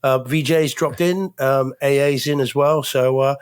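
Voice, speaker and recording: A man's voice: mid-range voice, fairly even intonation, normal speed, clear, resonant tone, no echo, studio quality. A man co-hosting a casual podcast, joking around and greeting viewers in the chat. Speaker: podcast co-host.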